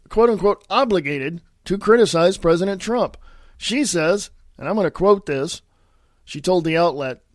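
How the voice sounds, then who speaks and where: Reading news headlines aloud on his solo political podcast, this host throws in sarcastic asides, repeats himself, and keeps coughing and clearing his throat. He has a high voice with a darkish tone, captured in a dry, studio-quality recording.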